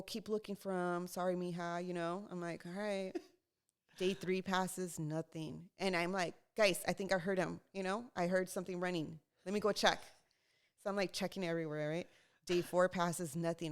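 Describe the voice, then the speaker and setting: A young adult woman co-hosting a podcast, telling a story in casual chat, lively and laughing as she acts out what people said. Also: lowish voice, moderate pace, smooth. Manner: animated, laughing, acts out quotes. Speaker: podcast co-host.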